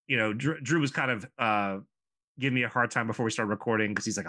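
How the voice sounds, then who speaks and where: A man's voice: mid-range voice, fast, pushed and bright. A man in his thirties co-hosting a casual podcast, rambling through asides with lots of fillers. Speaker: podcast co-host. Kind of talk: casual chat.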